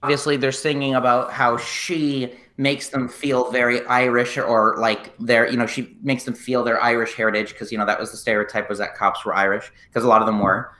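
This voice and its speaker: A male podcast host with a bright, forceful voice, chatting casually and reading out his show's plugs. His voice rings in a roomy space. He asks questions and keeps things moving. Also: medium pitch, level tone, brisk, hardly any pauses. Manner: chatty, reads out social media plugs.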